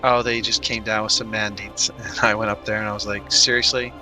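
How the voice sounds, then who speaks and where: A man's voice: fairly low pitch, flat delivery, a little fast, music in the background. A man chatting brashly and profanely with his team in a gaming voice chat. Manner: brash and profane, laughs at his own stories.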